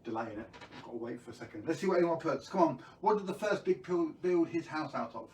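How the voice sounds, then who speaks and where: A playful man hosts a live story time for children, cracking jokes and quizzing the viewers. His voice is slightly high. It echoes around the room from a distant mic, with a faint background hum. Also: animated, fast talker, darkish tone.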